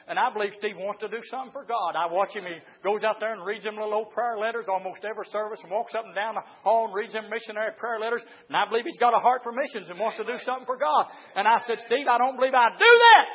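An older man preaching a fiery sermon as pastor, moving from quiet storytelling into shouted preaching. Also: high-pitched, steady tone, quick pace, hardly any pauses, breathy edge, muffled recording.

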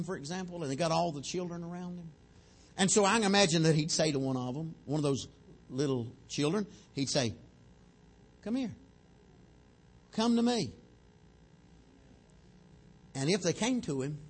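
A preacher delivers a sermon with a husky, slightly breathy voice. His pitch sits a little high and swings widely as he acts out the prayers of the people in his story. The delivery is animated and full of feeling.

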